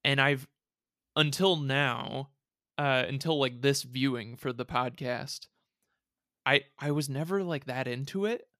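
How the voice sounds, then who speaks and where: Easygoing man, smooth and bright voice. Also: medium pitch, a little slow, no echo, studio quality. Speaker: podcast co-host. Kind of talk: casual chat.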